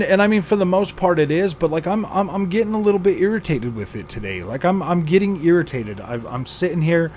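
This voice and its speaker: A man's voice: fairly high pitch, a little mellow, slight background noise. A man hosting a gaming channel, venting with exasperation, sighing and repeating himself as he rants. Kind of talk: frustrated venting vlog.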